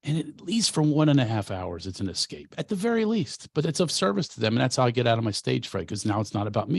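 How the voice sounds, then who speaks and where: A comedian speaking to an audience of actors, telling stories in an animated way, often acting out what people said and laughing at himself. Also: male voice, medium pitch, dry recording, clean studio sound. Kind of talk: storytelling talk.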